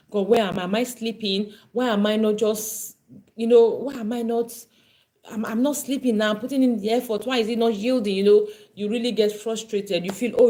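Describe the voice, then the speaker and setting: A woman's voice: medium pitch, dark tone. A woman parenting coach teaching an online class, earnest and emphatic, often repeating her points.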